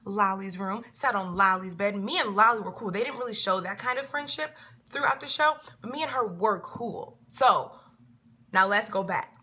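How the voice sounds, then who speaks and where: A woman's voice: medium pitch, normal speed, sharp tone, breathy edge. A woman in a casual to-camera vlog, a reality show cast member answering viewers in an emphatic, repetitive way. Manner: emphatic and repetitive, filling gaps with "da da da".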